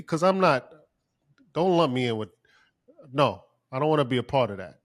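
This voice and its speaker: A man's voice: medium pitch, normal speed, long pauses. A man co-hosting a podcast, talking casually and ranting profanely, his voice climbing when he gets worked up. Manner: profane, heated rant. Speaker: podcast co-host.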